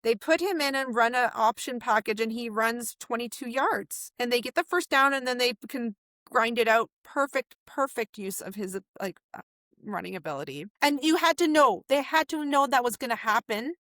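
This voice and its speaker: A young woman tells football stories with animation, acting out quotes. Her voice sits a bit high and sounds dry and close. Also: normal speed, no room sound. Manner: animated storyteller, acts out quotes. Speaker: podcast co-host. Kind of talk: casual sports chat.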